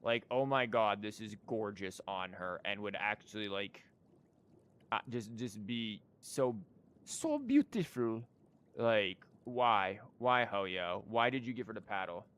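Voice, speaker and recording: A man's voice: lowish voice, steady tone, a little slow, fairly bright tone, clean tone. A man streaming a game, talking casually and candidly with lots of fillers and rambling asides. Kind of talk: casual gaming commentary.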